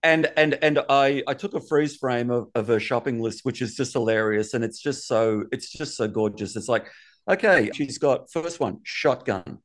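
Animated podcast co-host acting out scenes. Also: medium pitch, normal speed, few pauses. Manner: animated, acts out scenes in quoted voices. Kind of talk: casual chat reviewing a TV episode.

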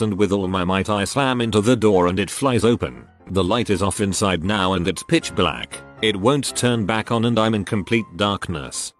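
A man narrating a string of short eerie stories in an even, steady reading voice. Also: lowish voice. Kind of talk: reading online stories aloud.

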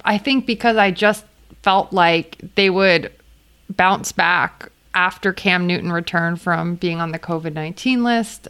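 A young woman with a lowish, smooth, clear voice breaks down football games in a measured way. She speaks with a few "um"s and "you know"s. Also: a bit bright. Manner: measured, thoughtful, some fillers. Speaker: podcast co-host. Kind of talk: casual sports chat.

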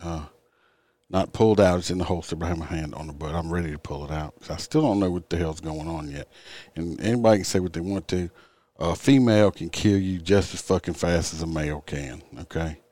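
An older police officer casually tells the story of a traffic stop, rambling, blunt and profane, sounding tired and yawning. His voice is deep and dark in tone, and he speaks briskly.

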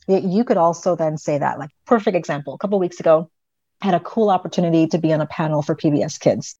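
Animated woman psychologist, dry dull audio. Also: deep voice, creaky, no room sound. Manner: animated storyteller, voices her children in quotes. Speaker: pediatric psychologist guest. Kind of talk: conversational interview.

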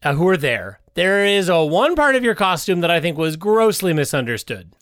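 A man's voice: high voice, big pitch swings, normal speed, fairly bright tone, no echo, studio quality. A man improvising a comedy bit as an indignant mayoral candidate.

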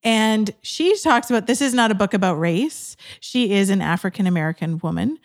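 Host: a woman with a mid-pitched voice, conversational, quick to laugh, reads quotes aloud. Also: animated. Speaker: podcast host. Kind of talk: podcast conversation.

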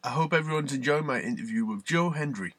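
Bright upbeat male interview host. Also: medium pitch, lively intonation, fast talker, dry recording. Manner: upbeat, hesitant questions with fillers. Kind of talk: podcast interview.

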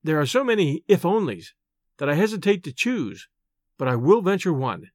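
A man reading aloud and voicing an earnest, refined young woman who speaks in a hurried, pleading way. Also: on the high side, very animated, darkish tone, no room sound, clean studio sound. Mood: wistful.

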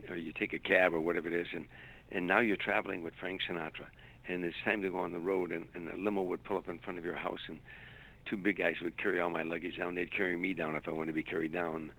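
Older man with a low, gravelly voice. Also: a bit bright, low-quality recording. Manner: vivid anecdotal storyteller, repeats words while searching. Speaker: stand-up comedian guest. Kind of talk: storytelling interview.

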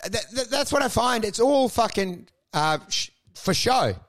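A man's voice: very high voice, lively intonation, measured pace, a bit bright. A young man, a stand-up comedian co-hosting a podcast, telling crude stories full of swearing and mocking voices. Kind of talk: casual comedic chat.

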